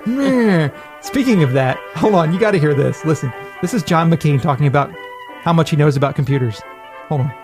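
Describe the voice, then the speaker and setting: A man's voice: on the high side, expressive, a little fast, music in the background. A man co-hosting a podcast in casual chat, joking and rambling with self-deprecating asides. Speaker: podcast co-host.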